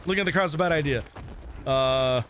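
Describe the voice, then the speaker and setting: A man's voice: fairly high pitch, a little fast, fairly bright tone, a little hiss or hum. A man streaming a retro game and rambling through casual commentary, swearing and laughing often.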